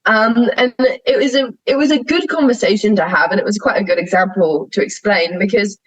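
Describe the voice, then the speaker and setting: A woman's voice: mid-range voice, brisk, husky, no echo, dull audio. A young woman, a sheep shearer guesting on a podcast, talking frankly and animatedly, laughing often as she tells stories. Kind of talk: candid conversational interview.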